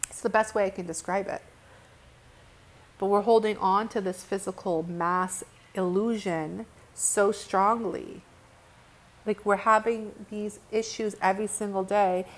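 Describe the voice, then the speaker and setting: A woman speaking to her viewers as a spiritual teacher, earnest and impassioned. Her voice sits at an ordinary middle pitch. She circles back through her sentences often, leans on "like", and is blunt enough to curse. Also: fairly even intonation, unhurried. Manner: earnest and impassioned, with frequent restarts and "like"; blunt, with occasional cursing.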